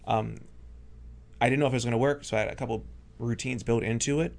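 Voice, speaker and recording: Gravelly man rambling through a story, says like a lot, acts out what people said. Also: mid-range voice, steady tone, fast. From raised Catholic. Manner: rambling, filler-heavy, acts out quotes. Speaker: guest, stage hypnotist. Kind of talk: casual podcast chat, storytelling.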